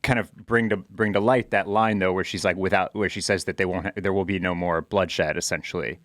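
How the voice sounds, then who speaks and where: A man's voice: sits low, steady tone, brisk, a bit bright, no room sound, studio quality. A man co-hosting a casual TV recap show, chatting and often restarting his sentences. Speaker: podcast co-host.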